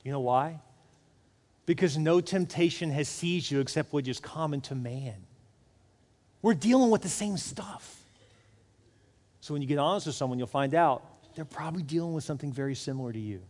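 A man in his forties preaching a sermon as a pastor, animated, acting out the voices he quotes. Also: medium pitch, big-room sound.

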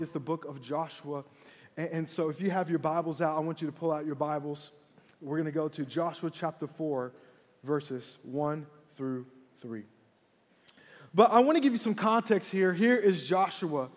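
High-voiced, hyped-up young preacher man. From San Antonio, Texas. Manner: energetic, hype, calls out to the congregation. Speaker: middle school pastor. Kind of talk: lively sermon. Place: large church hall. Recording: live church hall with long reverb.

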